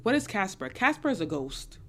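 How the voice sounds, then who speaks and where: A young woman hosts a casual chat and answers audience questions about dating. She is emphatic and preachy, hammers home the same points, and talks a little loud and excited in a mid-pitched voice. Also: a little fast. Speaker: dating advice host.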